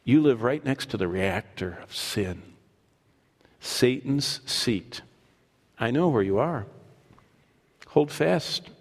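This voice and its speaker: A man voicing Jesus as a calm, reassuring teacher, speaking low and steady. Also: slow pace, pauses often. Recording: long hall reverb.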